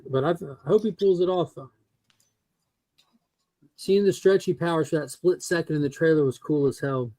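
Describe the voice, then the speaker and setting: A man hosting a casual comic club chat on a video call, opinionated and quick to swear. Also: fairly high pitch, warm tone, no room sound, poor audio.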